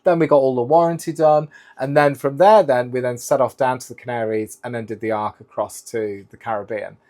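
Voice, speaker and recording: A man's voice: mid-range voice, fairly even intonation, a little fast, darkish tone. A middle-aged man, a guest telling long, rambling stories in a casual interview. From United Kingdom. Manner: rambling anecdotal storytelling, strung together with "and then". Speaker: guest, keynote speaker and former sailor.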